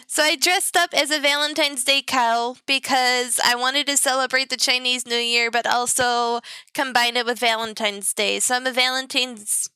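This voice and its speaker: A woman's voice: sits high, fairly even intonation, a little slow, pushed and bright, clear, resonant tone, no echo, clean studio sound. A young woman streaming as a VTuber, chatting to her viewers in a silly, teasing, sing-song way and giggling often. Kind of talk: playful live stream chat.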